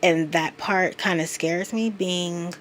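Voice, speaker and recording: Slow-talking woman in her thirties, confiding. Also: fairly low pitch, fairly even intonation, slight background noise. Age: 30s. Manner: earnest, confiding, emotional. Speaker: vlogger. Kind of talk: confessional vlog.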